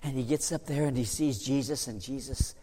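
A man preaching, telling a story in an animated, dramatic way. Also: medium pitch, fairly quick. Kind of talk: sermon storytelling. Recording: long hall reverb.

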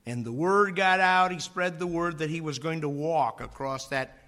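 A man preaching a sermon, slow and dramatic, dropping to a near whisper on key phrases and acting out voices in his stories. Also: a little high, bright, forceful tone. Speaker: pastor.

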